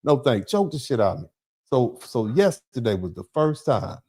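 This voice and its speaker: A middle-aged American man hosting a livestream, reading chat comments and riffing in a lively, preacherly way, acting out little dialogues. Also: normal speed, slightly rough. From United States. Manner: animated, preacherly, acts out dialogues; drops to low, quiet tone when telling a personal story.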